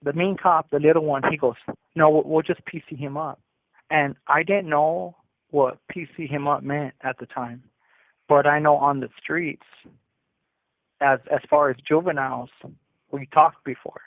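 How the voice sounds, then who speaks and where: A man's voice: a little high, steady tone, normal speed, no room sound. A man calling from prison, telling in a candid, streetwise way about his first days in custody as a youth. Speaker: incarcerated caller. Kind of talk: casual storytelling over the phone. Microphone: prison phone. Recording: tinny prison phone line.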